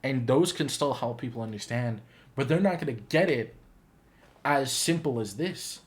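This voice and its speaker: A man's voice: mid-range voice, normal speed. A man hosting a casual reaction video, talking in an earnest, heartfelt, gushing way. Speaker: YouTube reaction host.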